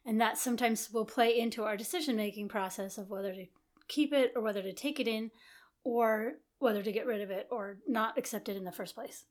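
A woman's voice: on the high side, a little fast. A woman co-hosting a casual marriage podcast, talking things through in long, thoughtful, musing sentences. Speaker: podcast co-host. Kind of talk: casual chat.

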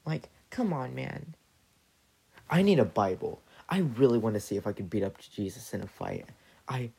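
A man talks slowly in a rough, gravelly voice with a breathy edge. He rambles and stumbles over his words in a profane comedic monologue. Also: mid-range voice, darkish tone.

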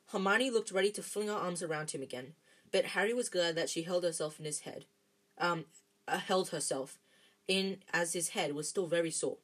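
Husky woman reading a story aloud. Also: lowish voice, normal speed, rough recording. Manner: plain, steady storytelling with small slips. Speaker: reader.

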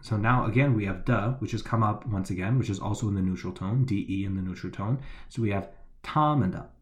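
Man, fairly low voice, patient teacher, repeats key points. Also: a little fast. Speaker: language teacher. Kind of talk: explaining Mandarin lesson.

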